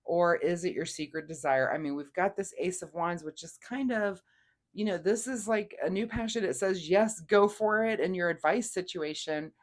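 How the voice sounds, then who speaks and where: A woman giving a casual weekly tarot reading, gentle and rambling with many fillers. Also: on the low side, normal speed. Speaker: tarot reader.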